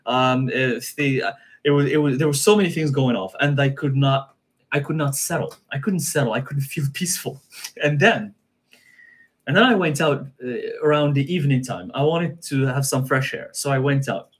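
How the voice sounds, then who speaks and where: A man's voice: mid-range voice, moderate pace. Earnest man telling a story. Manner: earnest, repeats phrases and restarts sentences. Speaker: guest. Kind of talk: casual storytelling on a live stream.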